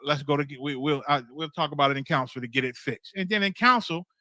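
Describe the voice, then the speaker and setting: A man's voice: on the high side, quick pace, bright, forceful tone, dry recording. A man leading a scripture study on a livestream, preaching in a fiery, blunt and profane way with emphatic repetition.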